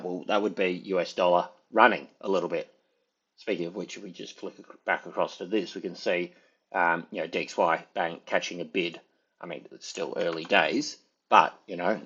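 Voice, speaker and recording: A man's voice: fairly low pitch, fairly bright tone, breathy edge, dull audio. A man giving casual, rambling market commentary, thinking aloud with many fillers as he talks through charts. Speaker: market analyst.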